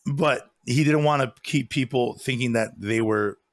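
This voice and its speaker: A man's voice: medium pitch, normal speed, no room sound. A man co-hosting a podcast, chatting casually about a movie, rambling and laughing as he retells scenes. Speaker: podcast co-host. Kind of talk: casual movie review chat.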